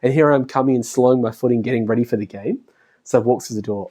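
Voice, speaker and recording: Chatty man lecturing with animated pitch. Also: very fast. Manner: chatty, laughs often, acts out voices of family members. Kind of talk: casual spoken lecture with anecdotes. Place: classroom.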